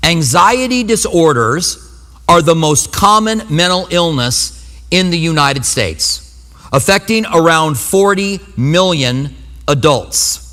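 A male pastor gives a sermon in a loose, conversational way. He acts out his reactions with humor as he tells stories. His voice sits high and bright, and it rings with the long reverb of a big church hall. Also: expressive, takes it slowly. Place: church sanctuary.

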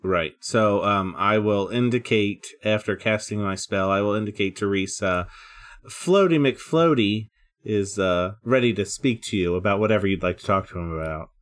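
Low-voiced man at the game table. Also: normal speed. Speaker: player. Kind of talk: casual tabletop play.

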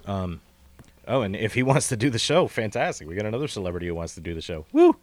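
Deep-voiced rambling podcast host, man. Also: very animated, fast, darkish tone. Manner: rambling, profane, laughs easily. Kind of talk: casual chat. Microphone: call recording.

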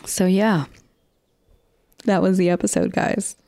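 A woman's voice: lowish voice, fairly even intonation, slow, creaky, mellow, dry recording. A woman hosting a casual podcast recap, chatty and rambling, with frequent restarts and casual swearing. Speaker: podcast host recapping a TV episode. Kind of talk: casual chat.

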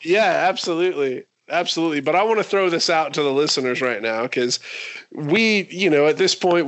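A man co-hosting a podcast in easygoing, plain chat. His voice sits a little higher than most men's, and he speaks straight to the listeners. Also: fairly bright tone, dry recording. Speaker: podcast co-host. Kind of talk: casual chat.

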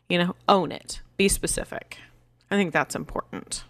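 A woman co-hosting a casual parenting podcast, animated and acting out what her kids say in a higher voice. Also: normal speed, no echo. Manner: animated, acts out quotes in higher voice. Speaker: podcast co-host.

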